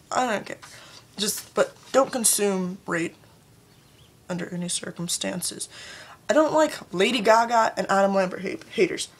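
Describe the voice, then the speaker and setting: Young woman vlogger, husky and fairly high, chatty rant to camera on the camera mic. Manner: chatty and ranting, with quick jumps up in pitch.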